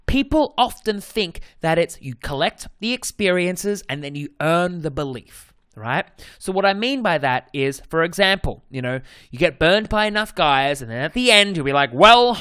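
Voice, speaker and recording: Emphatic Australian dating coach, dry sound. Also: male voice, high-pitched, bright, forceful tone, smooth, dry recording. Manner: emphatic, repeats key points, frequent self-corrections and fillers. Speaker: dating coach and podcast host. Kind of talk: casual podcast monologue.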